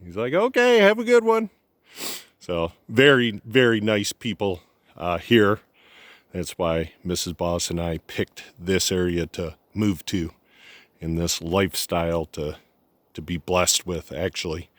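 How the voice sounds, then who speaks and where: A man's voice: low-pitched, steady tone, measured pace, a bit bright, dry recording. A man hosting a casual outdoor vlog from snowy woods, rambling and folksy with lots of ums, a bit out of breath, recorded on a phone. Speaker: channel host. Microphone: phone camera.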